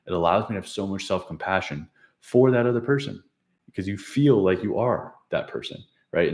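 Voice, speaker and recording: Rambling low-voiced man coach. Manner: rambling, self-correcting, laughs at himself. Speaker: habit coach. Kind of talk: casual unscripted vlog recap.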